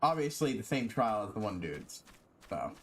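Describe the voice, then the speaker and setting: A man's voice: lowish voice, very animated, normal speed, slight background noise. A man streaming a game, rambling casually with lots of fillers. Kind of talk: casual gameplay commentary.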